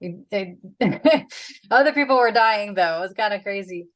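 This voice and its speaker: A woman's voice: medium pitch, expressive, normal speed, poor audio. Woman Bible study leader, casual and chatty, mid-range voice. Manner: chatty, with many "like"s and "um"s.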